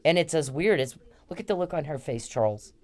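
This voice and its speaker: A woman's voice: low-pitched, expressive, fairly quick, a little mellow. A woman vlogging, ranting confrontationally and with profanity at a man she accuses. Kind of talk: angry direct-to-camera rant.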